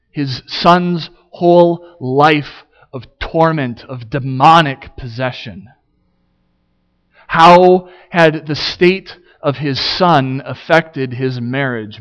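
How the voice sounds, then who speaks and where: Slow-preaching man, fairly high. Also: a bit bright. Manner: slow, rhetorical preaching with dramatic pauses. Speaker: pastor. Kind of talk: sermon.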